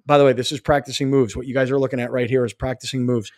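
A man's voice: medium pitch, level tone, racing, darkish tone, no echo, clean studio sound. A man co-hosting a sports talk show, joking and acting out bits of street talk. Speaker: co-host. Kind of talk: sports radio banter.

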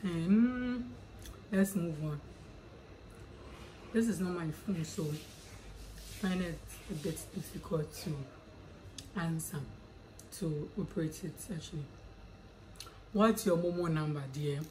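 A woman's voice: on the low side, slow, pauses often, a little mellow, a little hiss or hum, low-quality recording. A young woman, reading viewers' questions aloud and answering them in a chatty, playful way. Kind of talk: casual chat.

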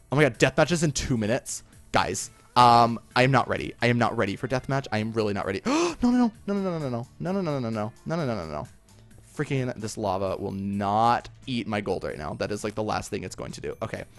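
A young man giving chatty, excitable gameplay commentary, talking to himself and to things in the game, with lots of fillers and repeated exclamations. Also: medium pitch. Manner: talks to himself and to game objects, often yelps and repeats "no, no". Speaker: gaming video creator.

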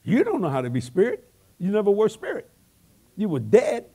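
An older man with a drawl preaches in a voice that rides high and swings wide in pitch. He breaks into loud shouts and chuckles between his lines, and his grammar stays folksy and plain. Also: moderate pace, breathy edge. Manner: animated, shouting bursts, laughing asides, folksy grammar. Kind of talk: lively comic sermon. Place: large church hall.

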